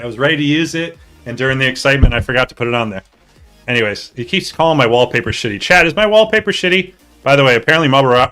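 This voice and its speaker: A man hosting a live stream, chatting casually and excitably with his viewers, joking and swearing as he goes. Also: mid-range voice. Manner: excitable, jokey, talks to chat, swears. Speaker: streamer hosting a hockey league draft.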